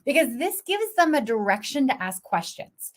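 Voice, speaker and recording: A woman's voice: sits high, very animated, moderate pace. Chatty woman business coach on a livestream. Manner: chatty, laughs often, acts out quoted voices. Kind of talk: casual livestream talk. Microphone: phone propped against computer.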